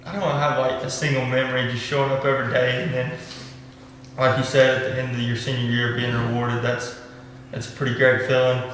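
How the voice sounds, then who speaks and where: Bright teenage footballer, relaxed. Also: male voice, medium pitch, brisk, slight background noise. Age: teens. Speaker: high school football player. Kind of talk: casual interview answer. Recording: echoey hall.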